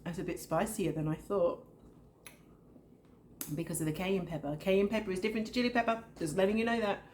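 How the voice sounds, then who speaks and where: A woman's voice: mid-range voice, fairly even intonation, a little fast, darkish tone, slight background noise. A middle-aged woman giving a chatty cooking demonstration from her home kitchen, talking straight to the viewer. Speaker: cooking vlogger.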